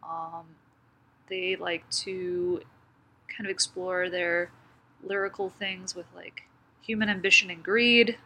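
A woman's voice: fairly low pitch, steady tone, takes it slowly, pushed and bright. A woman co-hosting a casual podcast, introducing bands in a rambling, giggly way and swearing casually. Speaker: podcast co-host presenting bands. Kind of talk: casual chat.

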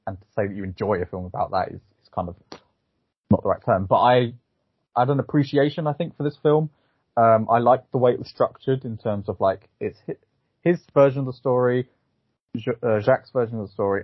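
A man reviews films in a casual podcast chat, his low voice a little husky. He rambles and hesitates with lots of fillers. The sound is thin and phone-like, with no room echo. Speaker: film podcast co-host.

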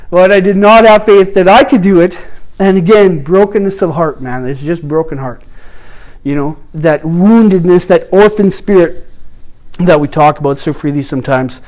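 A man teaching a workshop, telling his own story with animated, acted-out dialogue that swings between hushed asides and loud bursts. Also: high voice, brisk. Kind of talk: testimony-style teaching talk.

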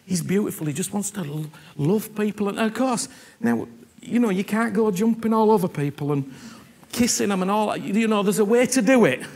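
Male preacher, husky voice that swings wildly up and down, earnest and repetitive. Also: sits high, moderate pace. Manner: animated, earnest, repeats himself, keeps asking "you understand me?". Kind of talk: sermon.

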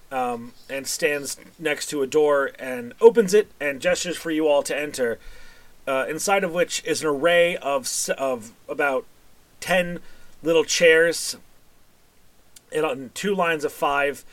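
Brief: male game master, slightly high-pitched, loose rambling narration. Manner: rambling, with frequent fillers and self-corrections.

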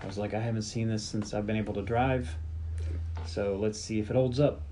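Fast-talking laid-back podcast co-host. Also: mid-range voice, fairly even intonation, mellow, slight background noise. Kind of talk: casual podcast chat.

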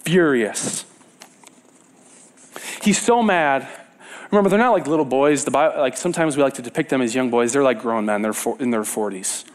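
A man preaching a casual sermon, retelling a Bible story with lively repetition and sudden drops from loud to hushed. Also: medium pitch, fast. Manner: animated storyteller, repeats words for emphasis, swings between loud and hushed; casual and conversational, with fillers and self-corrections.

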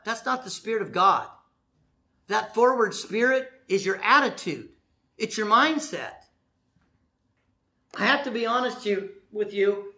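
A man preaching a lively, joking sermon, acting out short quotes as he goes. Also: very high voice, roomy sound. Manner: animated, jokey preaching with acted-out voices. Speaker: pastor.

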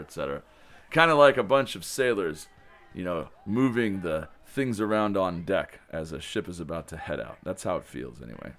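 A man's voice: fairly low pitch, a bit bright. A man, a camp director, telling the story of arrival day in a rambling, enthusiastic way. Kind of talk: casual spoken recap of the day.

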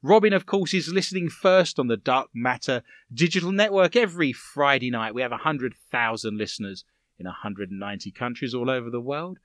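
Lively Romford man hosting radio. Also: medium pitch, brisk, dry recording, clean studio sound. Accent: Romford English. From England. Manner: jokey, reads out listener messages. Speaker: radio show host. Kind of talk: comedy radio show chat. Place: radio studio.

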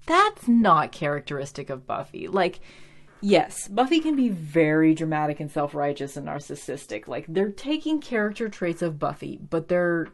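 Animated woman recapping a TV episode. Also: low-pitched, unhurried. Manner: animated, frequent "like", swearing. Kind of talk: casual chat recapping a TV episode.

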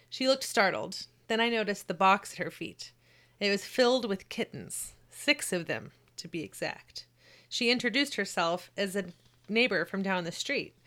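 A woman who works as a home health nurse, reading her own short story aloud and chatting casually, acting out the quoted voices with lively jumps. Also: medium pitch. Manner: animated reader who acts out quoted voices.

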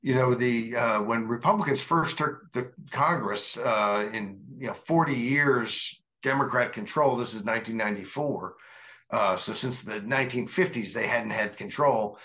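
A man chatting about politics on a talk show, his voice bright and forward. He talks conversationally, circling back with plenty of "uh" and restarts. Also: medium pitch, normal speed. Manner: conversational, meandering with frequent fillers. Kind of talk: casual political discussion.

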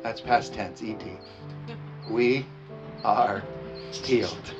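A man preaching a communion sermon, reading scripture aloud, slowing down on key phrases and leading the congregation in repeating lines. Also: fairly low pitch. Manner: emphatic, slows down on key phrases. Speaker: pastor. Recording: dull lo-fi sound with music behind. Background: music playing.

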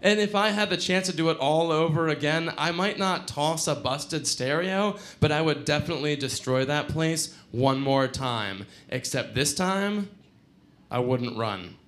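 A man's voice: fairly high pitch, a little slow. Wry, foul-mouthed young man telling a story. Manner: profane, wry, animated delivery. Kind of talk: live storytelling performance.

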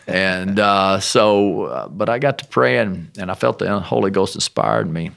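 A middle-aged American man, a missionary guest, telling a personal story in a casual, animated way with self-deprecating humor. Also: sits low, unhurried, creaky, hardly any pauses. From United States.

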